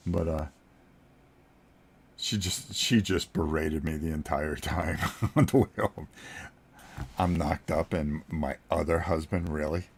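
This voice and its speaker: A man in his sixties with a very low, deep voice, hosting his own board game channel. He tells a story to his viewers in a loose, joking way and chuckles between sentences. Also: takes it slowly, gravelly, long pauses, a little hiss or hum. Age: 60s. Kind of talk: casual storytelling chat to viewers.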